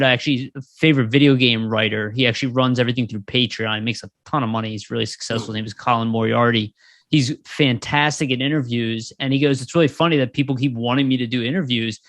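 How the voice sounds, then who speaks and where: A relaxed man co-hosting a casual podcast interview who shares thoughtful views. His voice is medium-pitched and the sound is dry and close. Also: fairly quick, dry recording. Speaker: podcast co-host.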